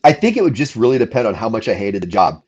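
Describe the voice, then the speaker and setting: A man with a slightly husky voice banters and jokes on a live stream. His pitch jumps around a lot, and he sounds playful and quick to tease. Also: sing-song, darkish tone, dull audio. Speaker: co-host. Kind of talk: casual live-stream chat.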